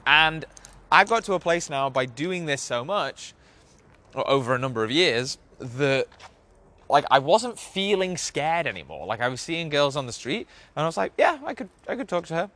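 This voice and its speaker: A man's voice: a little high, animated, normal speed, sharp tone. A young man hosting a podcast, talking in a loose, rambling, profane monologue full of filler words. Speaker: podcast host. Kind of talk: casual monologue.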